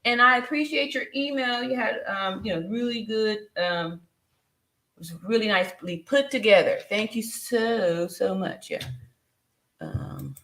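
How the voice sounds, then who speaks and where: A woman's voice: a little high, fairly bright tone, roomy sound. A woman in her fifties hosting a casual live stream, greeting viewers by name, reading their comments aloud and laughing often. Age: 50s.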